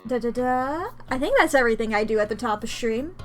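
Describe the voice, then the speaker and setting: A woman with a higher voice chats casually as a streamer. She rambles, corrects herself mid-thought and breaks into giggles, while soft music plays behind her. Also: animated, brisk. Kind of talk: casual chat.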